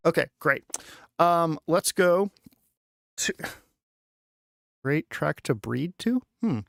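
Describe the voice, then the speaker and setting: A man casually talking through a music production tutorial on a live stream, chatty and thinking out loud with lots of fillers. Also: on the high side, expressive, slow, creaky, dry recording, clean studio sound. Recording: music playing underneath.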